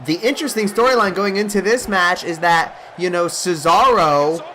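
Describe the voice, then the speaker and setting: A man giving mock play-by-play wrestling commentary over gameplay, excitable like a hype announcer. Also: sits high, normal speed, a little hiss or hum.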